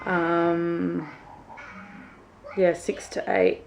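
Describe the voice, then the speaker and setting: A woman's voice: fairly low pitch, fairly even intonation, extremely slow, vocal fry, slight background noise. A young woman with an Australian accent, chatting casually to camera in a rambling, um-filled way. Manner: chatty, rambling storytelling with frequent ums. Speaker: vlogger. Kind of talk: casual chat.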